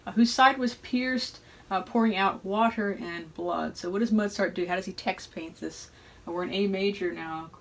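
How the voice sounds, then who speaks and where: A woman talks through a piece of music in an informal lesson, pausing to think and checking in with the listener as she goes. Her pitch sits in an ordinary middle range, and loud piano and organ music plays right under her voice. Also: creaky, low-quality recording. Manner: reflective, explains with frequent "right?" and hesitations. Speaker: music educator and host. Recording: voice over loud playing music. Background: loud choral and organ music playing underneath.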